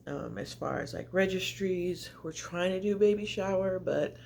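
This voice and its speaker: A woman's voice: fairly low pitch, moderate pace, gravelly, a little mellow, slight background noise. A woman vlogging casually to camera at home in a chatty, confessional, rambling way, often a little out of breath. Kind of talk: casual vlog chat to camera. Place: home, indoors by natural light.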